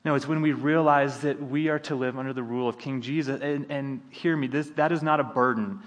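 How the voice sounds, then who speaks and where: A male pastor delivers a sermon in a conversational, easygoing manner, often restarting his sentences. His voice sits at an ordinary pitch. The sanctuary around him adds a long, echoing reverb. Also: fairly even intonation, brisk, dull audio. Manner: conversational preaching with frequent restarts.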